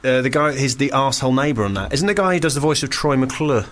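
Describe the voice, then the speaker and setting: A man co-hosting a radio show in a studio, quick-witted and teasing, swearing freely. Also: medium pitch, a bit bright. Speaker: radio co-host. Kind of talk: casual comedic chat. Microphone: studio mic with headphones.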